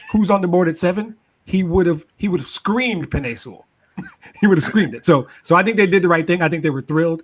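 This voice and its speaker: A man with a somewhat high speaking voice breaks down a football draft in casual podcast talk. He gets animated, laughs often and stumbles over repeated words as he builds his case. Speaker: sports talk show regular. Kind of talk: casual sports podcast chat.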